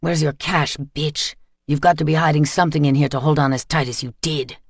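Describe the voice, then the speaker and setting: Man doing a sneering young thug, slow mocking drawl, dry voice. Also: a little high, fairly even intonation, dry recording. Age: young adult. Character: young male street thug, sneering and cruel.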